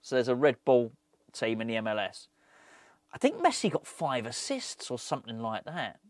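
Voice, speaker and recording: A man's voice: medium pitch, wildly swooping pitch, moderate pace, dry recording. A middle-aged man, hosting a fan channel and chatting casually on his own with rambling, jokey asides. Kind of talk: casual solo football chat.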